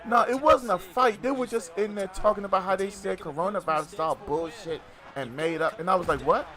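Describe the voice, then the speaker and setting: Middle-aged male streamer, high voice, loose and jokey, talks to chat while he plays. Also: a little fast, pushed and bright. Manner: loose, joking, chatty with viewers. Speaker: gaming streamer. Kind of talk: casual live-stream chat while playing.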